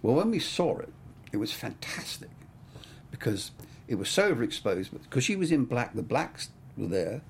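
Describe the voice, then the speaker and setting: An older man who works as a cinematographer tells stories in a casual interview, rambling with lots of "I mean" and "you know." His medium-pitched voice swings widely in pitch at a moderate pace, with slight background noise.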